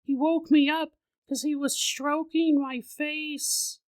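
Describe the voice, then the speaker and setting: A man voicing a scared three-year-old girl who pleads in a small, high child's voice. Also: flat delivery, slow pace. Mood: fearful.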